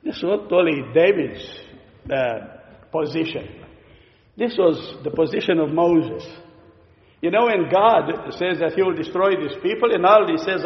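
A man's voice: high voice, lively intonation, unhurried. A male preacher giving a sermon, explanatory and emphatic, with frequent fillers. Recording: echoey hall, dull lo-fi sound.

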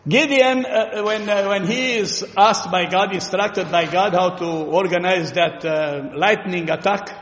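A Romanian-accented man delivers an earnest sermon, often turning questions to the congregation and pausing with fillers. His voice sits high for a man. The recording is from a church hall with strong room echo and a long, trailing reverb. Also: a bit bright. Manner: earnest, asks the listeners questions, pauses with fillers. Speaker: preacher.

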